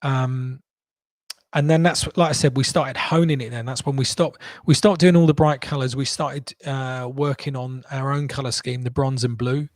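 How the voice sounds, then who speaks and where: Animated man telling stories. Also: mid-range voice, dry recording. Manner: animated, quick restarts, acts out quotes. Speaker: guest entrepreneur. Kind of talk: casual interview storytelling.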